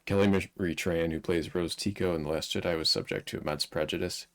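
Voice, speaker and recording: A man's voice: low voice, fairly even intonation, a little fast, fairly bright tone. A man co-hosting a live stream, reading news headlines aloud with a dry, profane running commentary. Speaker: streamer co-host.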